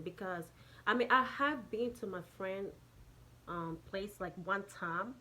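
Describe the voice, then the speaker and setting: A woman's voice: mid-range voice, a little slow, bright, forceful tone. A woman with a Jamaican accent telling a casual storytime, rambling, swearing and restarting sentences often. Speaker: vlogger.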